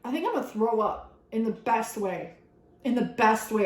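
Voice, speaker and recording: A woman doing a casual tarot reading for her viewers, excitable and swearing freely as she talks straight to the camera. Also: fairly high pitch, moderate pace, echoey room, low-quality recording. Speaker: tarot reader. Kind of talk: casual spiritual reading vlog.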